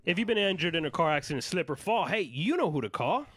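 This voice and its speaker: Joking podcast host guy, kinda high voice, bouncy and dry, bit tired. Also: very animated, fast talker, husky, no room sound. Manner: joking, hyped, shouts out viewers. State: a little fatigued. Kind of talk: casual live podcast chat.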